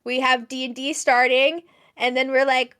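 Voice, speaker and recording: High-voiced woman telling a story at length. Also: little pitch movement, moderate pace, pushed and bright, smooth. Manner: chatty, rambling, laughs easily. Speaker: podcast co-host. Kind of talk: casual storytelling chat.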